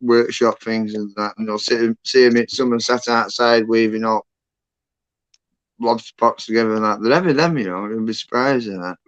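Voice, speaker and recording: A man's voice: lowish voice, normal speed, no room sound, rough recording. A man chatting on a livestream as a guest, rambling with fillers and self-corrections. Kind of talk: casual chat.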